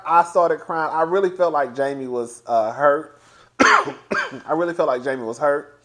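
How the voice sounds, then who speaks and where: A man's voice: medium pitch, moderate pace, fairly bright tone. A young man giving a sassy, chatty review of a reality TV show, swearing freely and laughing often as he talks. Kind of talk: casual commentary.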